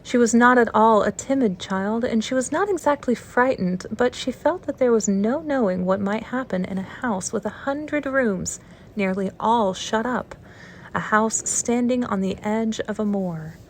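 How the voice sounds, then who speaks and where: A woman's voice: a little high, measured pace, a little hiss or hum. Woman reading a classic storybook aloud. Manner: steady, even-paced reading. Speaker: storybook reader. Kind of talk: calm audiobook narration.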